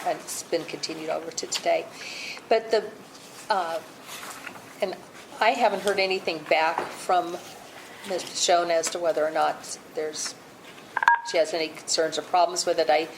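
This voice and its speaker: A woman on a public board's staff reading through a case report at a meeting, steady and procedural, saying she is losing her voice. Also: deep voice, gravelly, background noise. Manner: steady, procedural, with fillers and restarts. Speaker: board staff presenting cases.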